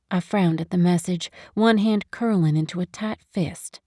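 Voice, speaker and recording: Female audiobook narrator, close studio mic, mellow dry sound. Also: lowish voice, no echo. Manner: expressive, measured storytelling. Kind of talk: scripted first-person narration. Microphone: studio microphone, close.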